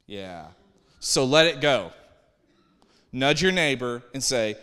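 A man's voice: a little high, measured pace, pushed and bright, smooth. A man preaching a sermon as a pastor in a large church, speaking in a loose, joking, conversational way. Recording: long hall reverb.

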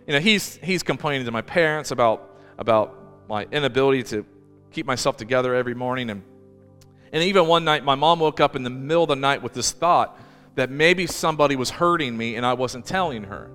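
A man's voice: medium pitch, fairly quick, a bit bright, clean tone, in a large hall, faint music behind. A man pastor giving a personal sermon, earnest and close to tears, often restarting his sentences. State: emotional, near tears. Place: church.

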